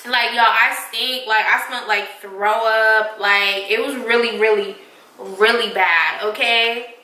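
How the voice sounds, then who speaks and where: A young woman vlogger telling a storytime tale in a lively, profane, emphatic way. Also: fairly high pitch, normal speed, roomy sound, distant mic, rough recording. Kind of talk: storytime vlog.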